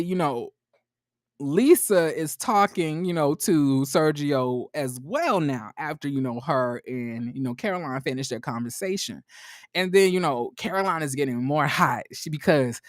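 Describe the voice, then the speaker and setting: A man giving a casual, sassy commentary recap, blunt and profane, rambling with fillers, his voice jumping high when riled. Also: no room sound, clean studio sound. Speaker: commentary vlogger.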